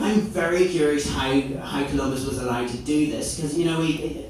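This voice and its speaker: A man's voice: a little high, normal speed. A man doing a rambling stand-up set, often laughing at his own jokes, recorded from far off in an echoey, noisy venue. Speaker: stand-up comedian. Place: indoor comedy venue. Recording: echoey room, far camera mic, loud noise.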